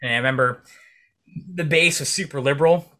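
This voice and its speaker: A man's voice: mid-range voice, a little fast, sharp tone. A young man, a military veteran guest, telling stories in a casual, rambling way full of fillers and swearing. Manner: profane, rambling with many fillers. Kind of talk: casual storytelling in conversation.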